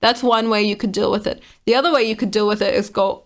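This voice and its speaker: A woman's voice: medium pitch, fairly even intonation, quick pace. A woman casually reading online comments aloud and reacting to them with frank exasperation.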